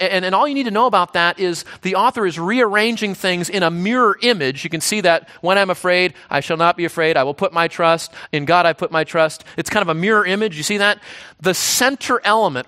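A man's voice: high voice, pushed and bright. A man, the pastor, preaching a sermon in a conversational way, often restarting phrases and checking in with "right?".

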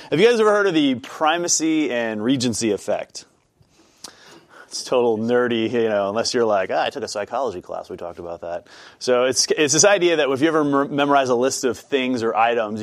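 A man's voice: medium pitch, no echo. A man leading an informal Bible study class, chatty and self-deprecating, with many fillers.

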